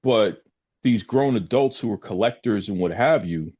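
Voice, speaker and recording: A man hosting a podcast who talks earnestly in casual chat, lecturing his point and jumping high when he mocks someone. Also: lively intonation, moderate pace, darkish tone, slightly rough. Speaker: podcast host. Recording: dull lo-fi audio.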